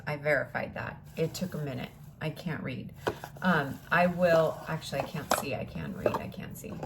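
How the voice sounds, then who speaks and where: A woman vlogger with a low voice chats casually while unboxing beauty samples, thinking aloud and occasionally dropping into a whisper. There is background noise in the clip.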